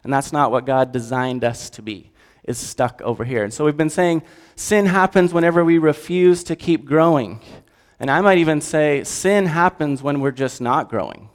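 A man's voice: fairly high pitch, moderate pace, few pauses. Conversational man preaching in a reverberant hall. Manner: conversational, animated, asks the audience questions. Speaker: pastor. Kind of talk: sermon with audience interaction.

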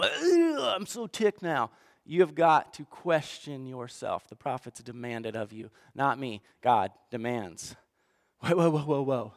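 A man preaching a sermon, swinging between hushed asides and fired-up outbursts. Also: a little high, in a large hall. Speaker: pastor.

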